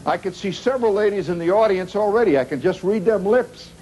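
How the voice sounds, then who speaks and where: A middle-aged man telling a rambling comic story to a live audience, wry and animated, with dramatic pauses and sound effects. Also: sits high. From Indiana, United States. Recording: 1970s live recording with noisy audience.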